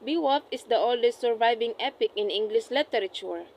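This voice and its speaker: A young woman, a student, reading a class report aloud, carefully and deliberately, often correcting herself mid-phrase. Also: a little high, darkish tone, slight background noise, poor audio. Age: young adult. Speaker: student presenting an assessment.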